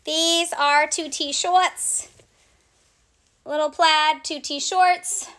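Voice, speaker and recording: A woman with a very high, bright voice runs a casual live clothing sale. She talks unhurriedly, chatting to her viewers as she reads out sizes and prices one by one. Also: fairly even intonation, extremely slow. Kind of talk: casual live-stream selling chat.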